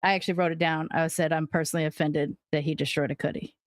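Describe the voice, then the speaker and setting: A woman's voice: sits low, steady tone, quick pace, dry recording, studio quality. A middle-aged woman co-hosting a podcast, giving wry, opinionated takes in casual chat. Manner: laid-back, wry and opinionated. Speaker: podcast co-host.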